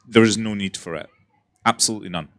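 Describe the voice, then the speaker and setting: Bright-toned Scottish man, emphatic. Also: on the low side, fast talker, no echo, clean studio sound. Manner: frank, emphatic, earnest. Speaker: theatre director on a panel. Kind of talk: panel discussion.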